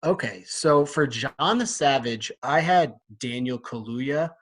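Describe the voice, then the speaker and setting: A man's voice: mid-range voice, animated, takes it slowly. A man co-hosting a casual book club podcast, chatty and easygoing, often laughing as he leads the discussion. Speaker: podcast co-host.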